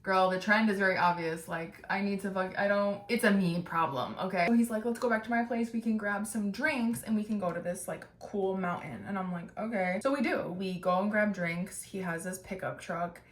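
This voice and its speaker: A young woman in her twenties telling a story, loose and chatty, full of "like" and casual swearing. Her voice sits at a middle pitch. The room around her echoes noticeably. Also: moderate pace, few pauses. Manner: chatty, swears freely, full of "like", mimics others with animated bursts. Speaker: podcast host. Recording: roomy echo.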